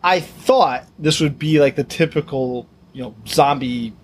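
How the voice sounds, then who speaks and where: A man's voice: a little high, a little slow, slight background noise. A man co-hosting a horror movie podcast, reacting with disbelief and laughing asides. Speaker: podcast co-host. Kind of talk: casual movie chat.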